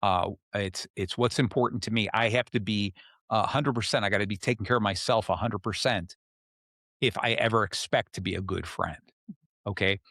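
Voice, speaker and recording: Low-voiced man coaching in casual talk. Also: moderate pace, a bit bright, no echo, studio quality. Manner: explanatory, checks in with "okay?" often. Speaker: podcast host. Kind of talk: casual self-help talk.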